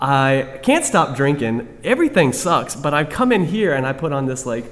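A man's voice: medium pitch, big pitch swings, moderate pace, hardly any pauses. A man sharing his recovery story candidly with a group, self-mocking and rambling, full of restarts. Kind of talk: candid personal testimony to a group. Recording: long reverb of a hall.

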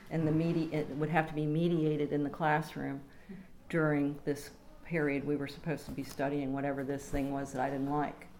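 Woman telling a story on herself at a meeting, wry, really deep voice, bit of hiss behind. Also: creaky, a little mellow. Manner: wry, self-deprecating storytelling. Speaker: recovery group member sharing. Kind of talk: candid personal sharing.

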